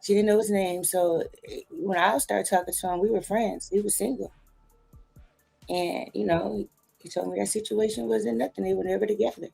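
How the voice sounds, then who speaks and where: A woman's voice: mid-range voice, fairly even intonation, moderate pace, creaky, dark tone, soft background music. A woman speaking bluntly and emphatically in casual chat about online drama. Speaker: guest, stream moderator.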